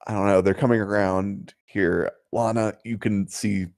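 A man's voice: fairly low pitch, steady tone, normal speed, gravelly, darkish tone, no room sound, studio quality. A man playing in a tabletop game, thinking aloud in a hesitant, casual way. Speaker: player.

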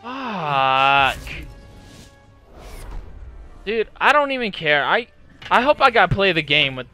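High, swooping young man raging at a game. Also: very animated, pushed and bright, faint music behind. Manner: profane, quick to rage, frustrated outbursts. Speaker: gaming channel host. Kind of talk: live gameplay commentary.

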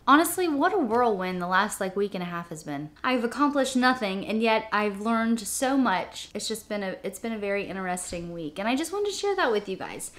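A woman's voice: medium pitch, sing-song, a little fast, few pauses, a bit bright. A young woman talks straight to camera from her she shed in a loose, rambling way. She fills her speech with ums and restarts as she chats along casually. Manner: chatty, rambling, many fillers and restarts. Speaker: vlogger.

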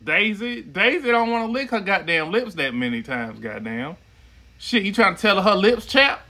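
A man's voice: high-pitched, very animated, normal speed, bright, forceful tone. A man hosting a reaction video, giving loose, joking running commentary full of swearing.

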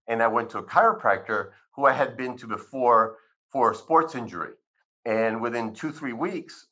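A man's voice: mid-range voice, husky. A man in his fifties, a physician guest, telling his life story in an interview and acting out the conversations he recalls. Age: 50s. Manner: animated storyteller who acts out dialogue. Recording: dull lo-fi sound.

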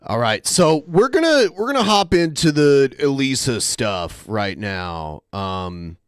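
Male co-host, very animated pitch, dry mic, wry and exasperated. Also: takes it slowly, clear, resonant tone, no room sound. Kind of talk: commentary on clips.

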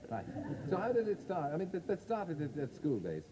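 Teasing chat show host, lively pitch. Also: male voice. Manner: teasing, quick-witted banter. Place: studio with live audience. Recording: audience noise in studio.

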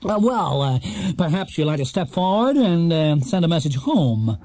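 A man's voice: on the high side, big pitch swings, moderate pace, mellow, dry recording, clean studio sound. A man voicing a nervous, stammering male game show host who jokes clumsily. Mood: flustered. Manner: stammering with many "uh"s.

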